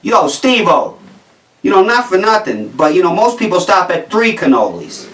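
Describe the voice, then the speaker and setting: A man putting on a brash Jersey guy who needles his friend with blunt, drawn-out insults, his pitch climbing higher than usual. The voice carries across an echoey room from a distance. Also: sing-song, fairly bright tone. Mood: needling. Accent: New Jersey. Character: brash, insulting male East Coast buddy.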